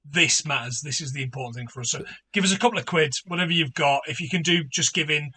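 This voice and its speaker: A man speaks with a high, bright tone. He makes an earnest appeal, swearing casually and filling pauses with plenty of ums. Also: breathy edge. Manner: earnest and sweary, with many fillers. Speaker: guest podcaster. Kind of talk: casual chat, charity appeal.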